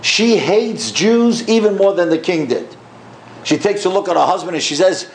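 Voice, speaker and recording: A man preaches and tells a story as a rabbi in an echoey room. His voice sits high and turns more animated when he quotes others. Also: moderate pace. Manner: earnest, rising to animated pitch when quoting. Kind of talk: sermon storytelling.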